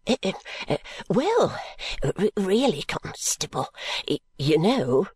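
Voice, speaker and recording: A man's voice: medium pitch, unhurried, slightly rough, dry recording, studio quality. A man reading an audiobook, voicing a meek, perplexed shopkeeper who hesitates, stammers and coughs. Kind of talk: audiobook character voice.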